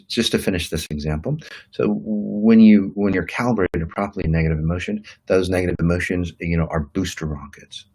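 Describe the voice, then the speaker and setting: Self-help teacher, man, very low husky voice, loose rambling delivery full of fillers. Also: a little mellow, low-quality recording. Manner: acts out quoted inner voices. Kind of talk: motivational talk to an online audience.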